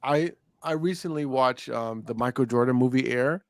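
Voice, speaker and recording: A man's voice: medium pitch, moderate pace, dry recording. A young man co-hosting a casual chat podcast, talking in a laid-back, rambling way with lots of fillers and restarts. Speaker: podcast co-host.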